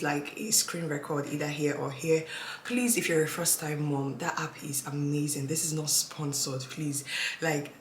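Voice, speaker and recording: A young woman, heavily pregnant, chatting casually to camera as a vlogger, lively and at times sinking into tired near-whispers. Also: deep voice. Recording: echoey room with audible noise.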